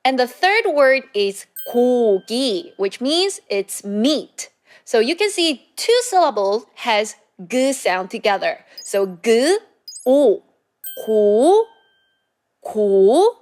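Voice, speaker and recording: A woman teaching a Korean language lesson, speaking clearly and slowly with repeated pronunciation drills. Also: fairly high pitch, very animated.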